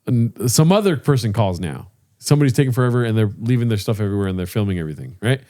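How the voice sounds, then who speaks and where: A man's voice: on the low side, lively intonation, racing, dark tone. Casual man telling golf stories. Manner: loose, profane, acts out voices in his stories. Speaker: podcast co-host. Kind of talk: casual storytelling chat.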